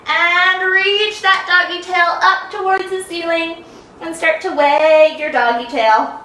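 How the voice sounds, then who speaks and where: A woman's voice: very high voice, fairly even intonation, takes it slowly, sharp tone, reverberant, recorded from a distance, poor audio. A young woman leading a children's yoga lesson, playful and sing-song, making animal sounds as she teaches.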